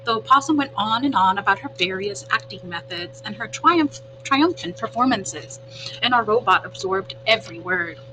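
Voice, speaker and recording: A woman reading a children's storybook aloud as a teacher, with clear, expressive storytelling. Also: medium pitch, moderate pace. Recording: humming background noise.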